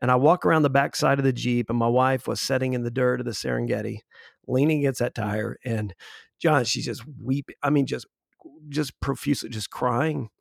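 Male guest in his forties, gravelly voice, dry close sound, earnest storyteller who restarts his sentences. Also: medium pitch, steady tone, fairly quick, no echo. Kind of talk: conversational storytelling.

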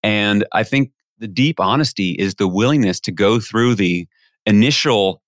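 A man's voice: on the low side, normal speed, dry recording, studio quality. A man, a podcast guest, telling a story in a conversational way and acting out the voices of the people he quotes. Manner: animated, acts out quoted voices.

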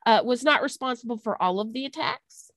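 A woman co-hosting a podcast, telling a history story in a casual, animated way, laughing and tripping over names. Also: a little high, fairly quick, no room sound. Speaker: podcast co-host.

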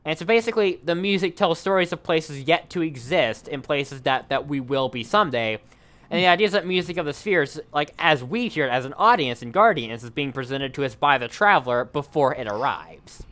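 A man with a smooth, resonant, somewhat high voice tells a long story on a casual podcast. He rambles and restarts often, piling up fillers as he goes. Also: animated, fairly quick, fairly bright tone.

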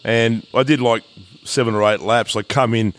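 A man's voice: mid-range voice, steady tone, normal speed, fairly bright tone. An Australian man co-hosting a live podcast, telling stories with lots of swearing and laughter. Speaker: podcast co-host.

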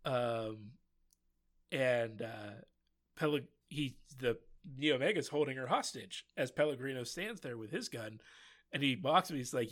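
A man's voice: medium pitch, a little slow. A man recapping a show episode in casual chat, rambling with lots of fillers and laughs. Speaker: podcast co-host recapping a show.

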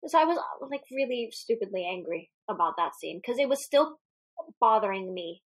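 A woman's voice: mid-range voice, animated, normal speed, breathy edge. A woman co-hosting a podcast, chatting casually about a movie, laughing often and swearing freely. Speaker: podcast co-host. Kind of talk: casual movie recap chat.

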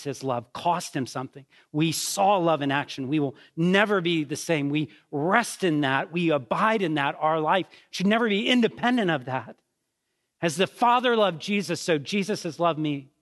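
Middle-aged male pastor, earnest conversational sermon, mid-range voice, rhetorical questions. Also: mid-range voice.

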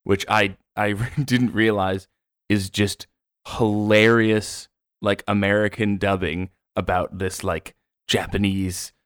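A man with a very deep voice co-hosts a casual podcast. He chats loosely and rambles through his stories with many fillers. The sound is dry and close, with no room around it. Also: little pitch movement, takes it slowly, a bit bright, clear, resonant tone, no room sound. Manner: rambling, filler-heavy storytelling. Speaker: podcast co-host. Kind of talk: casual chat.

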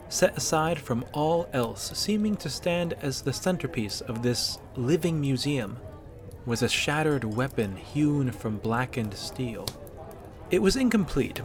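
Man narrating a fantasy story. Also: medium pitch. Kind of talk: scripted audiobook narration.

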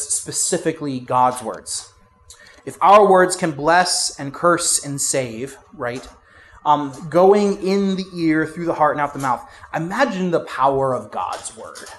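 Male pastor, slightly high voice, casual sermon delivery with big swings in volume. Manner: conversational preaching with frequent fillers and restarts; swings between loud emphasis and quiet asides.

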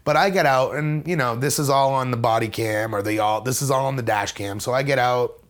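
Male interview guest, casual storyteller, mid-pitched, wry and self-deprecating, rambling with lots of restarts. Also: a little fast. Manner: acts out other people's lines in a raised voice.

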